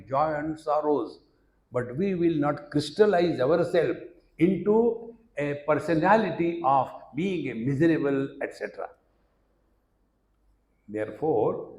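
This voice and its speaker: Indian guy giving a spiritual talk, kinda high voice, echoey hall, acts out stories. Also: darkish tone. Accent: Indian English. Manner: storytelling, acts out dialogue, chants Sanskrit verses. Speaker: spiritual teacher. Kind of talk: discourse on scripture.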